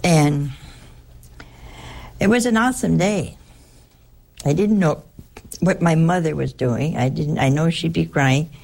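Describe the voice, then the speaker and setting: An older nun tells a personal story, wandering and restarting as she goes. Her voice sits low and has a gravelly fry to it. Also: a little slow, pauses often, a little mellow. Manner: rambling, conversational, with frequent restarts.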